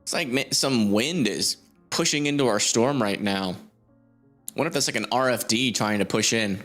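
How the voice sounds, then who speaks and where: A man's voice: medium pitch, moderate pace, fairly bright tone, faint music behind. A young man hosting a live weather stream, commenting informally on a storm on radar, thinking aloud with many fillers. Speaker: storm chaser livestream host.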